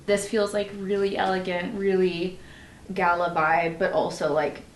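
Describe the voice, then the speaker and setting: A woman's voice: fairly low pitch, flat delivery. Woman beauty vlogger, casual and effusive to camera, recorded in an echoey room. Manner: chatty and effusive, gushing, with many likes and quick asides. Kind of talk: casual vlog chatter to camera. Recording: roomy echo, faint noise.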